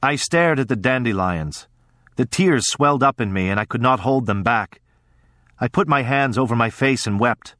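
This scripted first-person story is read by a male audiobook narrator with a medium-pitched voice. His delivery is measured and even, and the studio sound is clean with no echo.

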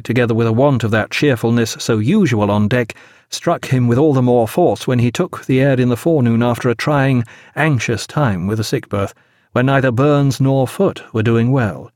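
A man narrating a sea novel as an audiobook, expressive and measured. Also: medium pitch, no room sound, studio quality.

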